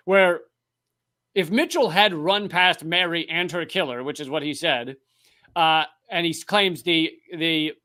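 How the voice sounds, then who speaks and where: A man's voice: high-pitched, sharp tone. A man hosting a podcast, retelling a true crime case in casual chat with sarcastic asides. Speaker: podcast host.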